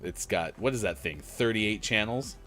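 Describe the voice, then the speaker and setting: A man's voice: lowish voice, expressive, normal speed, over music. A middle-aged man co-hosting a morning gaming show, rambling casually with lots of fillers and chuckles. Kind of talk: casual chat while gaming.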